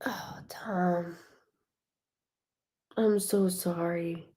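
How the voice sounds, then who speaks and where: A woman giving a live psychic reading, chatty and animated, often restarting her sentences as she relays messages. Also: on the low side, extremely slow. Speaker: psychic medium.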